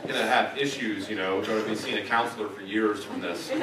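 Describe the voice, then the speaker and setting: A man's voice: lowish voice, fairly even intonation, fast, hardly any pauses, over a noisy crowd, heavy background noise. A middle-aged man giving a teaching lecture at a church in a conversational way with dry humor. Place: church sanctuary. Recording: echoey church room from a distance, faint ambience.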